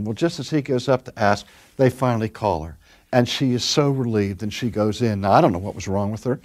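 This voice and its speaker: An older man, a pastor, preaching a sermon and telling stories, dropping his voice soft and then pushing it strong for emphasis. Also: medium pitch, a little fast. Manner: storytelling, varies loudness from soft to emphatic.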